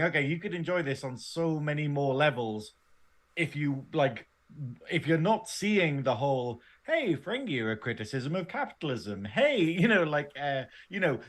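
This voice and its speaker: A man with a Northern English accent, co-hosting a casual podcast, joking around and laughing often. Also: on the high side. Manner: jokey, laughs often, lively. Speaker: podcast co-host.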